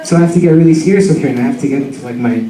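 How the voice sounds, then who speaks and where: A young man telling a funny story about his dog in an animated, slangy way full of fillers. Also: mid-range voice, racing. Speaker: student storyteller. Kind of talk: comic personal storytelling. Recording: roomy sound from a distant mic.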